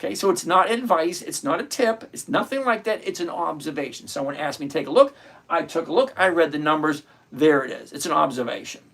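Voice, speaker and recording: This host of a stock options livestream has a medium-pitched, expressive, slightly bright voice and talks a little fast. The chat about covered calls stays casual, with jokes and viewers greeted by name.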